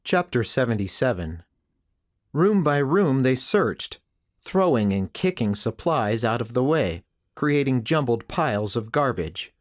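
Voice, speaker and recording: A man narrates an audiobook in the first person, reading in a steady, measured way. His voice sits in the mid-range.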